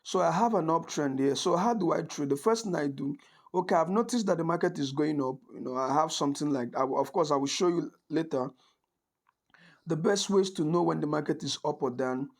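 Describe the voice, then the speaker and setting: A forex trading instructor with a fairly quick, somewhat high-pitched male voice gives a screen-recorded tutorial. He talks casually, keeps checking in with "right?", and often restarts and corrects his sentences.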